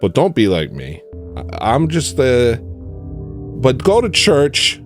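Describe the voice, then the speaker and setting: A man ranting in a rambling, jokey monologue on a livestream, swinging from shouting to muttering. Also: mid-range voice, huge pitch swings, slow pace, faint music behind. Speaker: livestream host.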